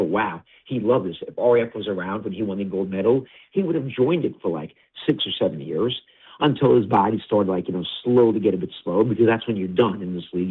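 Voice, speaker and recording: Man guest, low-ish husky voice, rapid talker, phone-quality audio. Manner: fast, animated storytelling with many restarts. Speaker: interview guest, wrestling producer. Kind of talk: casual interview talk.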